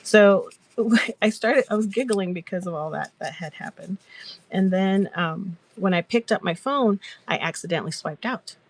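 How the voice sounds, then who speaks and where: A woman's voice: mid-range voice, normal speed, no echo. A woman hosting a casual crafting chat, telling stories in a giggly, rambling way. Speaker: crafter and live-selling host.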